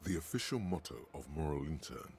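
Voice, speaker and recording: An actor voicing a deep, gravelly male inner-voice narrator in a game, speaking slowly and gravely. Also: big pitch swings, a little mellow, exaggerated voice. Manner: slow, grave, portentous. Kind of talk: game voice acting.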